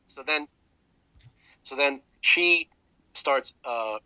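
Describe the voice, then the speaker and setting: A man's voice: mid-range voice, very slow, bright, forceful tone, clear, resonant tone, dry recording, poor audio. A man on a podcast, casually retelling a story with lots of fillers and restarts. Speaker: podcast co-host. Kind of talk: casual chat.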